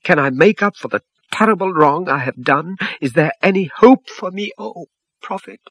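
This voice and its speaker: A man's voice: high voice, expressive, moderate pace, a bit bright, no echo, voice pushed up, exaggerated voice. A man voicing a distressed, repentant man who pleads in a breaking, rising voice. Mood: desperate.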